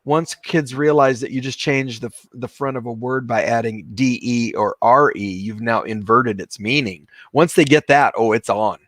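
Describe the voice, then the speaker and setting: A man's voice: mid-range voice, moderate pace, hardly any pauses, fairly bright tone, no room sound. A man teacher co-hosting a casual online chat, talking enthusiastically and addressing the audience. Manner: enthusiastic, emphatic, addresses listeners directly. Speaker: teacher and co-host.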